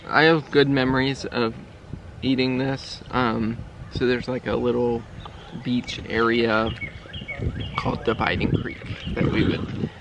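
A man in his thirties telling a relaxed, slow story to his wife for a vlog, outdoors by the water. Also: mid-range voice, muffled recording, noisy background. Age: 30s. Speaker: vlogger. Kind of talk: casual chat.

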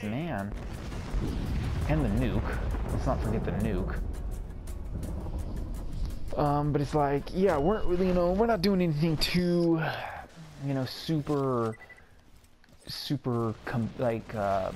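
A young man giving casual commentary over a video game, rambling and excitable, often stammering and repeating words. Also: mid-range voice. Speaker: gaming streamer.

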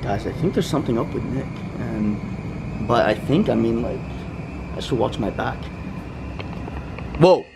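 A young man hosting a horror vlog, talking to viewers as "guys" and getting loud and scared as things go wrong. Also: mid-range voice, animated, normal speed, vocal fry, heavy background noise. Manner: addresses viewers as guys, grows panicked and shouty. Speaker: vlogger.

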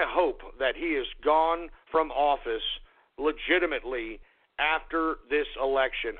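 A man hosting a radio show, ranting angrily about politics, swearing and shouting, repeating his lines. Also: on the high side. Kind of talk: angry political radio rant. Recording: tinny phone-like radio broadcast.

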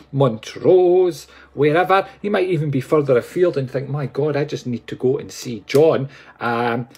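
A man's voice: fairly high pitch, husky. A Scottish man hosting a live stream as a psychic medium, chatting casually and playfully while greeting viewers by name.

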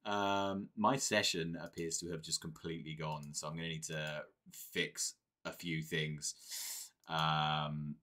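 A man's voice: extremely low pitch, flat delivery, slow, pushed and bright. A man streaming a game live, chatting casually with viewers, swearing freely and often breaking into giggles. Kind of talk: live gameplay stream commentary.

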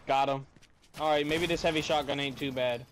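A man's voice: mid-range voice, brisk, a little hiss or hum. A young man chatting casually over gameplay, telling stories with lots of swearing and laughter. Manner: animated storyteller, swears freely, laughs often. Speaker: gamer and co-commentator.

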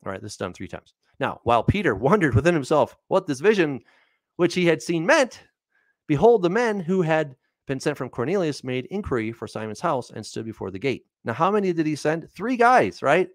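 A man whose voice sits on the high side talks a little fast, with no echo, as he answers viewers' Bible questions. He reads verses, asks rhetorical questions, and stays animated and casual, frequently saying "all right" and "right?".

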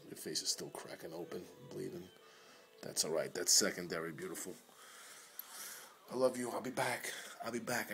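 A man filming at home, talking tenderly and coaxingly to his sick dog in soft baby talk that often drops to a murmur. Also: sits low. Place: at home indoors.

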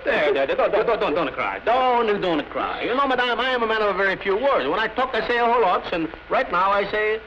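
An actor playing a brash, self-important gang boss who talks fast in clipped, broken grammar, in 1930s comedy film style. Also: male voice, high-pitched, expressive, noisy background. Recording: muffled 1930s film soundtrack with music.

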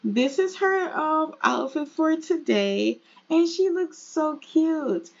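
A woman giving chatty, excitable commentary as she plays a life-simulation game. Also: high-pitched, slow pace, highs cut off. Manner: chatty, excitable, laughing asides. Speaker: gaming creator. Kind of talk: casual gameplay commentary.

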